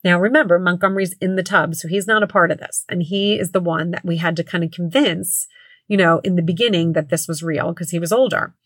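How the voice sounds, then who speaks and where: A woman's voice: on the low side, fairly even intonation, brisk, no room sound. A woman in her thirties or forties, a mother hosting a podcast, telling a story casually with lots of fillers and self-corrections.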